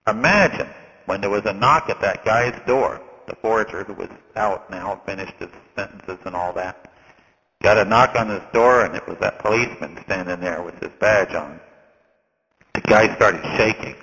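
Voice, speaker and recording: A man with a somewhat low voice tells a personal story in a plain, folksy way, pausing often on fillers. His voice carries a long reverb, as if recorded in a hall. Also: fairly bright tone.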